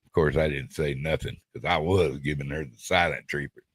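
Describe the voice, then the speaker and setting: A man's voice: rumbling low, fairly even intonation, fairly quick, breathy edge, no echo. A middle-aged man, telling rambling family stories in casual stop-start chat on a podcast. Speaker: podcast co-host.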